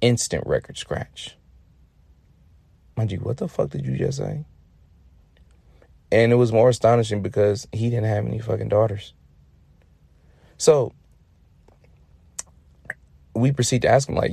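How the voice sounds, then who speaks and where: A man's voice: lowish voice, measured pace, gravelly, long pauses, warm tone, breathy edge, no room sound. A man telling funny stories casually, profane and slangy, laid-back with lots of fillers. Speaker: storyteller. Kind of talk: casual comic storytelling.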